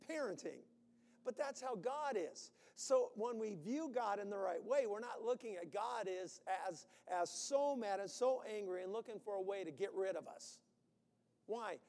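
Male preacher, high voice, animated delivery with bursts of shouting, long hall reverb. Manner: animated, acting out anxious voices with sudden shouts. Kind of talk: sermon.

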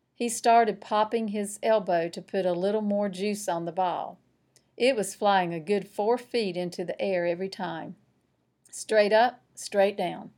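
Woman reading a children's book aloud. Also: medium pitch. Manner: expressive, lively storytelling. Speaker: school principal reading aloud.

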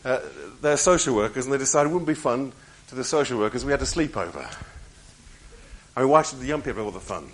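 A man preaching a sermon, moving between raised emphatic lines and hushed, quiet passages and repeating key phrases. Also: medium pitch, animated, fast talker, low-quality recording.

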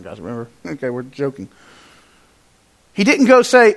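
A man preaching a sermon to his congregation, moving between raised, emphatic passages and quiet, hushed ones, and acting out the lines he quotes. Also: mid-range voice, fairly quick. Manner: animated, swings from loud to hushed, acts out quotes. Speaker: pastor.

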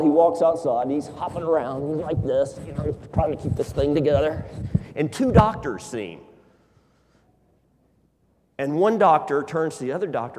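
A male pastor preaching a sermon in a church, telling stories with animated delivery. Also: a little high, moderate pace. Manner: animated storyteller, acts out scenes. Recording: long hall reverb.

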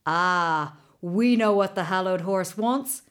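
A woman's voice: lowish voice, slow pace, a bit bright, clear, resonant tone. A woman voicing fussy, pompous male court scholars in a storybook tale.

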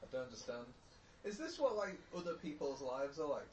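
A man's voice: fairly high pitch, very animated, brisk, a little hiss or hum. A man making playful, jokey remarks while watching a film with friends. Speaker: co-host of a film commentary. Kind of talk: casual movie-watching banter. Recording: echoey room, mic far off.

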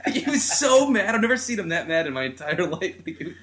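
A man's voice: sits high, very animated, quick pace, fairly bright tone. A man co-hosting a podcast, telling a story in casual chat, acting out voices and laughing as he goes. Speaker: podcast co-host.

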